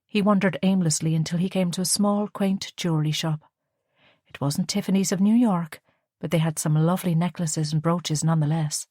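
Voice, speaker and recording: Female audiobook narrator, lowish voice, measured delivery, dry close sound. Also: fairly even intonation, a little mellow, no echo. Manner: measured storytelling. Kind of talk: scripted narration.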